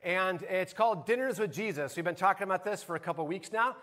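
A man with a notably high voice preaches a sermon in a church sanctuary. He talks in a relaxed, conversational way and often stops to ask the congregation questions. His pace stays easy as he moves between story and scripture. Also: quick pace. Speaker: pastor.

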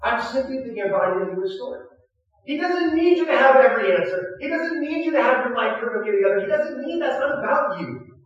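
A man with a high voice preaches an animated sermon, acting out characters and punching lines with shouts. He is picked up from far off in a very echoey hall. The sound is muffled. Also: brisk. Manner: animated, acts out biblical figures with shouted punchlines. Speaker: pastor.

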